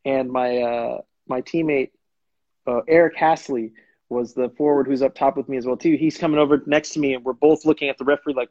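Animated man telling a story, lo-fi sound. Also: mid-range voice, brisk, no echo. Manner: animated, acts out quotes, restarts sentences. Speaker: show host and former pro soccer player. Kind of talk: casual storytelling on a live show.

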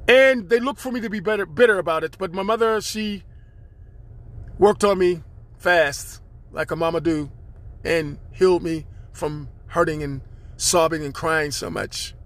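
High-voiced guy rambling a spiritual podcast rant, bright sharp tone, repeats lines like a chant. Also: measured pace. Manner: preachy, chanting repetitions. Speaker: podcast host.

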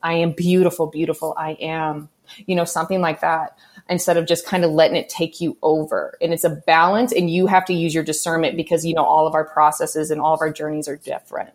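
Low-pitched woman guest, earnest spiritual teacher, checks in with listeners as she explains. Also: flat delivery, quick pace. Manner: earnest teaching tone, often checks in with "okay" and "right?". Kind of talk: conversational podcast interview.

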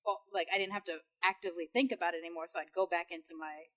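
Podcast co-host, woman, 30s, Long Beach accent, animated casual storyteller. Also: fairly low pitch, racing. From Long Beach, California. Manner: animated storyteller, many "like" fillers. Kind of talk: casual chat.

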